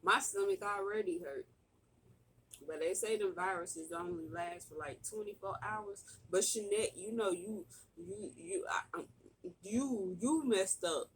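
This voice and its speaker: A woman's voice: mid-range voice, unhurried, slightly rough. A woman vlogger chatting casually to her viewers at home during a mukbang, dramatic and joking. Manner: dramatic, pleading to the Lord in a sing-song wail. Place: indoors at home.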